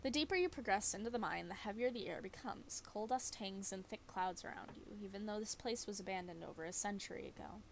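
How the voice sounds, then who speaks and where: A woman streamer narrating a visual novel in a measured, storytelling way. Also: medium pitch, gravelly, a little hiss or hum. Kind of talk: game narration.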